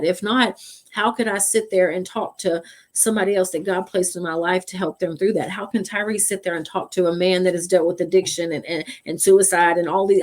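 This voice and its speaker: A woman co-hosting a faith podcast, talking earnestly and stacking repeated phrases for emphasis. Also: medium pitch. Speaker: podcast co-host. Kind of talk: faith-based podcast talk.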